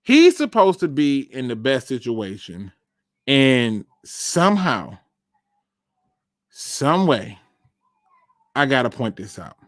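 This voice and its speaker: Animated man hosting a fan sports show. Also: mid-range voice, slow pace, pauses often, no echo, studio quality. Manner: animated, emphatic, talks straight to viewers. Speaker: sports podcast host. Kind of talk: casual fan commentary with screen share.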